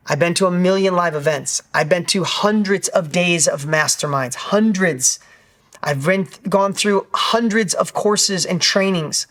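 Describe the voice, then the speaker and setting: A man's voice: sits high, fairly bright tone. Emphatic man in his fifties coaching. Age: 50s. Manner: emphatic and repetitive, acts out quotes. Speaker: business coach. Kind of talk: motivational talk.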